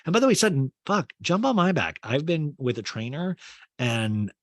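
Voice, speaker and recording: A male podcast host recaps a TV show with crude, rapid-fire jokes. His voice leaps up and down in pitch, and the sound is dry and close-miked. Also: big pitch swings, dry recording. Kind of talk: comedic TV recap.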